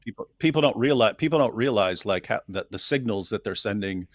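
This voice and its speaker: Brief: lively male co-host, mid pitch, dry close sound, laughs through his points. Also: a little fast, dry recording. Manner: animated, laughs while talking, frequent restarts. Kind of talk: casual political discussion.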